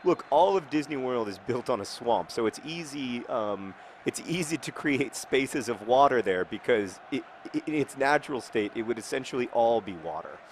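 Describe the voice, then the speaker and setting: Man at mid pitch, casual let's-play commentator, dry sarcastic rambles, faint hiss behind him. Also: animated, moderate pace, hardly any pauses. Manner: rambling, wry, mock-outraged asides. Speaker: video game player and commentator.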